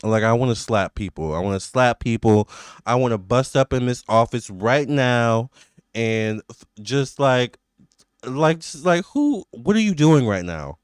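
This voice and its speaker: Smooth-voiced man rambling through a tarot reading. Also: mid-range voice, expressive, unhurried, no echo, studio quality. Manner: rambling, filler-heavy talk with many restarts. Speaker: tarot reader. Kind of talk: casual psychic tarot reading to camera.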